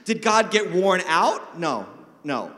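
A man's voice: sits high, big pitch swings, slow, fairly bright tone. A man preaching a sermon as pastor, in a conversational, joking storytelling manner. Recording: long reverb of a large church hall.

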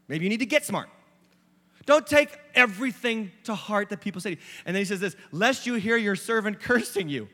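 A middle-aged male pastor preaching with emphatic force, his voice high and bright as it rises and presses each point. It carries through a large sanctuary with a long reverb trailing behind it. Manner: emphatic, preaching with rising intensity. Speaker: lead pastor. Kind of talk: sermon. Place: church sanctuary.

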